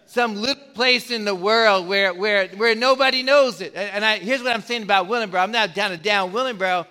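Preaching in a high voice that sounds pushed and bright yet clean, a pastor drives his sermon home with emphasis. He repeats words to build each point and performs the voices of people he quotes.

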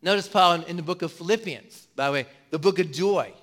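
A male pastor preaching a sermon with passion, often asking the congregation rhetorical questions and swinging between loud and soft. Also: sits high, fairly quick. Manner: passionate, varies loudness a lot, rhetorical questions.

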